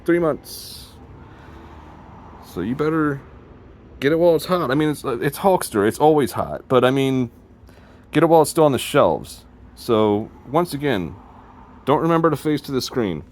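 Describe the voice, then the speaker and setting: A man hosting a casual video, reading aloud from a magazine with jokey asides and quick self-corrections. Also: mid-range voice, very animated, a little mellow. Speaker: video host.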